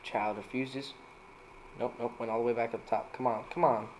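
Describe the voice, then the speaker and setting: A man's voice: steady tone, normal speed, a little hiss or hum. Playful man reading dad jokes. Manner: playful, laughs at own jokes, jumps into higher voices for punchlines.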